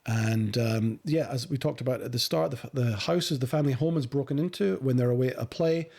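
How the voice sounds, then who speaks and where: A man's voice: mid-range voice, brisk, gravelly, darkish tone. A man co-hosting a casual film-review podcast, eagerly retelling the plot with stumbling restarts. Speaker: podcast co-host.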